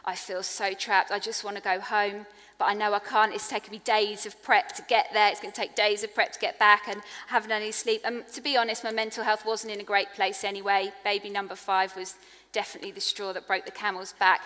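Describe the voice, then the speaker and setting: A woman preaching a sermon in an earnest, personal way, growing hushed on tender points. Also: medium pitch, level tone, a little fast. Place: church hall. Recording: long echo of a large hall.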